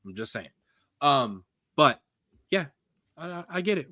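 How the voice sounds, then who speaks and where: A young man co-hosting a sports podcast, talking in a rambling, jokey, animated way. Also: on the high side, a little slow, no room sound, studio quality. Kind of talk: casual sports chat.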